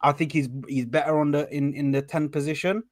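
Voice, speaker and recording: Excitable high-voiced man talking football. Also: fairly quick, no room sound. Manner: excitable, boastful, slangy, repeats "mate" and "do you know what I mean". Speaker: Arsenal fan pundit. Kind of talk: casual football debate.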